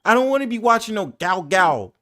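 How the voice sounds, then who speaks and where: A man's voice: high voice, very animated, brisk, bright, forceful tone, no echo, clean studio sound. A man hosting a live online talk show, ranting in an exasperated, profane way and repeating himself. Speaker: host. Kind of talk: heated casual chat.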